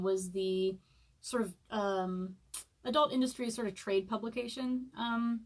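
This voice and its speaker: Hungover woman, thirties, rambling casual chat, self-deprecating, book reading on a live stream. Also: medium pitch. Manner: chatty and self-deprecating, many fillers, laughs often. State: hungover, eating saltines and sipping broth.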